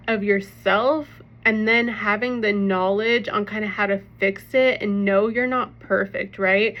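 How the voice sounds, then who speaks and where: A woman's voice: on the high side, muffled recording. Earnest young woman, heartfelt chat. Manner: earnest, frequent "like" and "right?". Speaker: vlogger sharing personal healing story. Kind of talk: casual heartfelt talk to camera.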